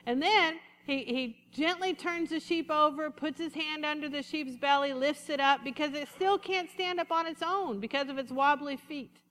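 A woman preaches with lively energy, dropping low and slowing down for quoted lines and then climbing back up. Her voice sits high and sounds bright and sharp. A long reverb trails each phrase, as if she speaks in a large hall. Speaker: pastor. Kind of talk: sermon.

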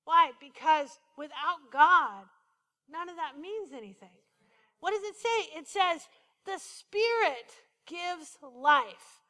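High, slow-preaching woman in echoey hall. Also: expressive, pushed and bright. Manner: playful, asks the congregation questions. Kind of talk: sermon.

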